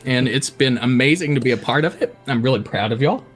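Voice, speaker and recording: A man's voice: mid-range voice, fairly quick, soft background music. A man running a tabletop game as game master, narrating in a heartfelt, emotional way.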